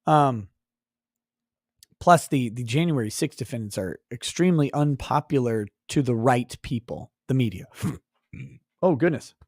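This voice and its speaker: A man's voice: mid-range voice, expressive, a little slow, pauses often, darkish tone, no echo, studio quality. A man hosting a live stream, reading chat aloud and going on profane mock rants. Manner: profane, mock-ranting at chatters. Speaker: livestream host.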